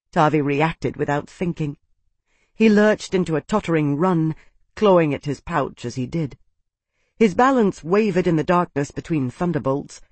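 A man narrating a fantasy audiobook, with steady, vivid storytelling. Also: fairly high pitch, dry recording. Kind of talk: scripted narration.

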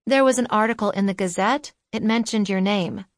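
A woman's voice: mid-range voice, fairly quick, dry recording, clean studio sound, lightly acted. A woman playing a determined, probing young woman. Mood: insistent. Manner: probing, insistent questioning.

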